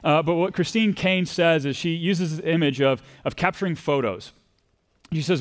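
The man's voice is a little high and moves at normal speed. He's a pastor with a Texas accent, preaching in a conversational way, acting out quoted voices, and asking the congregation questions.

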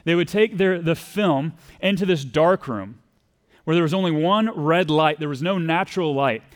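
A man's voice: a little high, moderate pace. Texas-accented male pastor preaching. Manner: conversational, acts out quoted voices, asks the congregation questions. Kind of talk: sermon.

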